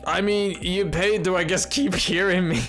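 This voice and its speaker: A live streamer playing a game, joking with chat in a loose, excitable way, jumping from loud outbursts to low mutters. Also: normal speed, soft background music. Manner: excitable, bantering with chat, jumping between yelling and mumbling. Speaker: livestreamer playing a video game. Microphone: desk mic.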